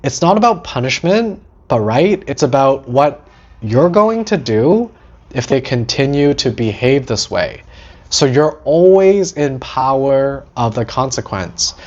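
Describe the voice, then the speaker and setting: A man hosting a teaching talk about setting boundaries, animated, acting out short quoted lines and often asking "right?". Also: medium pitch, a little slow, dull audio. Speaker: host.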